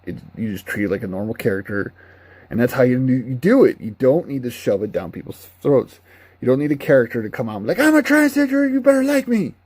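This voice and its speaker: A man's voice: medium pitch, fast, mellow, husky, dry recording. A man giving a casual, rambling, candid spoken review of a video game. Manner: rambling, candid, laughs at his own retellings.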